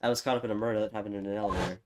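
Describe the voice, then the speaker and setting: A man voicing a reserved male prosecutor in a deeper, measured, formal tone. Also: fairly even intonation, noisy background, natural voice. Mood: wary. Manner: measured, formal, lower than his own voice. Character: composed adult male prosecutor, proud, reserved. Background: game music.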